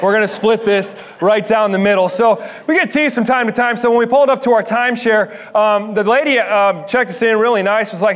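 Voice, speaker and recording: High-voiced young man preaching. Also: brisk, hardly any pauses. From Dutch heritage. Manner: chatty, jokey, builds to shouted emphasis. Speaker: guest preacher. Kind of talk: conversational sermon with storytelling.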